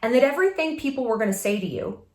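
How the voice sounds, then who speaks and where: A woman's voice: a little high, lively intonation, very fast, a little mellow. A woman hosting a vlog, giving a casual motivational talk to camera, emphatic and laughing often. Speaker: vlog host. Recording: echoey room.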